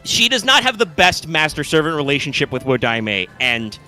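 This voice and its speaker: A man's voice: fairly high pitch, sing-song, normal speed, pushed and bright, faint music behind. A man co-hosting a casual gaming podcast, rambling with lots of fillers and restarts and casual swearing. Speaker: podcast co-host. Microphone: live stream microphone.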